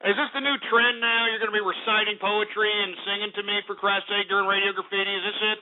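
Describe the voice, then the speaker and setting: Foul-mouthed male call-in host, high pitch, lo-fi radio sound. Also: level tone, fast talker, slight background noise. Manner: angry, insulting, swears at callers. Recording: phone-like lo-fi radio.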